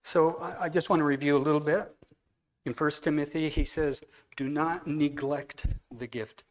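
A man delivers a sermon in a church hall, his voice placed a little higher than most men's. He talks conversationally, telling anecdotes and reaching out to people in the congregation. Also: steady tone, moderate pace. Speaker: guest preacher.

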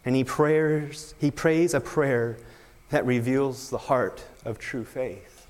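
A man's voice: medium pitch, slow, long reverb tail. A man preaching a sermon, emphatic, with rhetorical questions. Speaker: pastor.

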